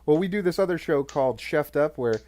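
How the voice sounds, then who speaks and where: A man's voice: fairly high pitch, lively intonation, a little mellow. A man co-hosting a podcast, chatting casually and laughing along. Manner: laughs along, quick affirmations. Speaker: podcast co-host. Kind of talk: casual chat.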